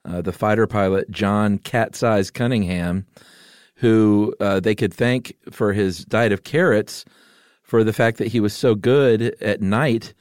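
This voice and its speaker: Man, podcast host, low voice, dry close sound, casual storytelling. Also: a little slow, a little mellow, clean tone, dry recording.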